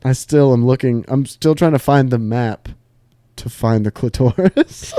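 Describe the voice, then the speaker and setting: A man's voice: mid-range voice, a little slow, mellow, dry recording, clean studio sound. A young man co-hosting a podcast, teasing his friend with crude jokes and giggling as he pushes them further. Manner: teasing, giggly, keeps pushing the joke. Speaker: podcast co-host. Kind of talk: casual crude banter.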